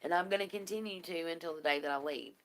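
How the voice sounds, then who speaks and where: Close to tears, a woman vlogger rambles through a heartfelt video message full of fillers. Her voice is fairly low and her pace quick in this emotional, casual clip.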